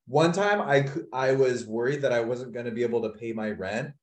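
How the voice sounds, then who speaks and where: A young adult man co-hosting a casual podcast, telling stories and acting out quotes with soft, trailing asides. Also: mid-range voice, fairly quick, few pauses. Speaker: podcast host. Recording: echoey room.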